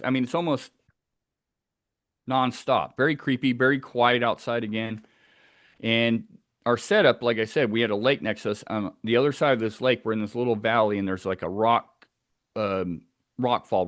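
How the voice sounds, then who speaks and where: A man's voice: medium pitch, no echo, studio quality. A man telling a tense first-person story of a wilderness encounter, acting out the sounds as he goes.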